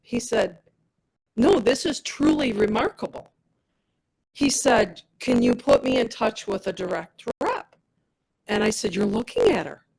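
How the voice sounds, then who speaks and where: A woman speaking as a product rep tells her personal testimonial with animation, acting out other people's dialogue. Her medium-pitched voice swoops wildly, unhurried, creaky, a little mellow and slightly rough. The recording quality is low.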